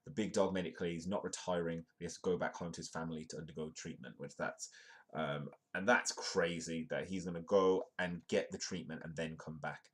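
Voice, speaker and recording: A man hosting a live comedic news stream, reading articles aloud and rambling through them with lots of ums and restarts. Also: deep voice.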